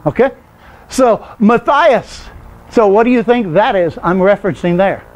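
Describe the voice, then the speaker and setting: A man's voice: high voice, expressive, moderate pace, darkish tone. A man teaching an informal Bible study class, explaining loosely and stopping often to quiz the class with questions. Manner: conversational, quizzes the class with questions.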